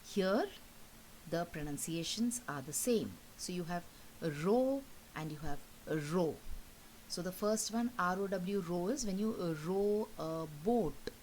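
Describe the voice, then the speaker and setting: A woman with an Indian English accent teaches a recorded school lesson in a slightly low voice. She explains patiently, repeats each point and checks understanding as she goes. Faint noise sits under her voice. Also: expressive, measured pace, a little mellow, rough recording. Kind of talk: recorded online class lesson.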